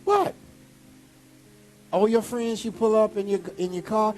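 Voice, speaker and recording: A man pastor preaching a sermon, animated, with sudden high exclamations. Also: moderate pace, pauses often, faint music behind.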